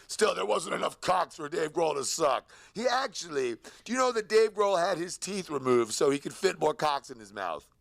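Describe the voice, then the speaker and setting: A man's voice: fairly high pitch, very animated, moderate pace, vocal fry, hardly any pauses, exaggerated voice. A man playing a crude alien warlord rock frontman, giving a profane, sneering interview. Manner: profane, sneering, builds into shouted tirades. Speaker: band singer interviewed. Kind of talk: in-character interview rant.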